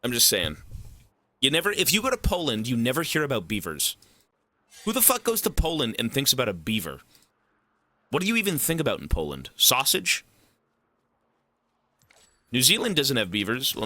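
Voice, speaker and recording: A young Canadian game streamer chats with his viewers while playing, rambling, swearing, and joking with chat. His mid-range voice swoops wildly in pitch, with a sharp tone, a slightly fast pace, and long pauses.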